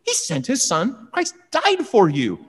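A preacher giving a conversational, animated sermon that acts out dialogue, recorded in a hall with long reverb. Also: mid-range voice, a little slow, husky.

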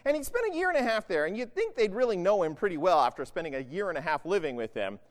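Speaking quickly in a high, sing-song voice, this man delivers a sermon as if chatting, repeatedly asking "right?" along the way. His words ring out with a long reverb like a large hall.

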